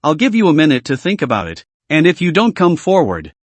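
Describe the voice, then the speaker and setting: A man's voice: a little high, huge pitch swings, a little fast, no echo. A man voicing an arrogant young swordsman who makes cold, indifferent threats.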